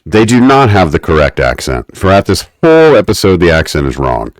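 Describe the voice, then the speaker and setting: A man's voice: deep voice, very animated, brisk, dry recording. A man co-hosting a podcast, recapping an episode in a wry, mock-academic way. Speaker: podcast co-host. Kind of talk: casual podcast recap chat.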